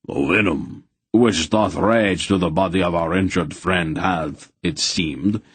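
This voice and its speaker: A man voicing a formal, stiff young male knight who speaks in an old-fashioned, measured way. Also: sits low, husky, no echo, exaggerated voice. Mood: lofty.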